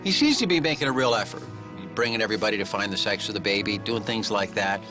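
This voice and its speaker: A man's voice: lowish voice, animated, quick pace, over music. A man on a reality show giving earnest, approving confessional commentary. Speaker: reality show cast member.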